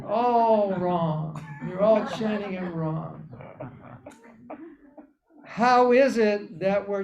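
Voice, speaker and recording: A man giving a spiritual workshop talk to a live group, animated and teasing, mimicking voices and laughing often. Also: high voice, vocal fry. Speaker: spiritual teacher. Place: temple hall. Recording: echoey, dull room recording.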